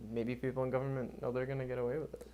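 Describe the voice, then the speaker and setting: A man with a middle-pitched voice chatting casually on a podcast. He leans on fillers like "like" and "you know", swears often and makes fun of himself. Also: flat delivery, very fast, muffled recording. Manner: easygoing, filler-heavy, self-deprecating, swears. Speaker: podcast co-host.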